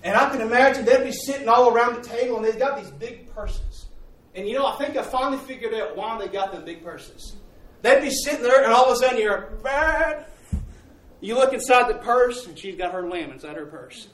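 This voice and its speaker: A male preacher tells a vivid story and calls out for responses from the congregation. His voice sits high for a man. It carries through a roomy hall, picked up from a distance. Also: lively intonation, brisk, a bit bright. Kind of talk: sermon.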